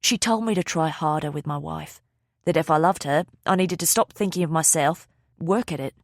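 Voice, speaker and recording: Nervous middle-aged man, low and subdued, voiced by a female narrator, dry close audio. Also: normal speed, dry recording.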